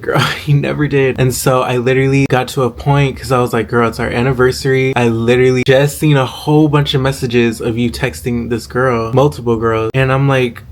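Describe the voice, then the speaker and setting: A young man telling a personal story in a casual vlog, chatty and full of filler words and slang. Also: mid-range voice. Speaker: vlogger.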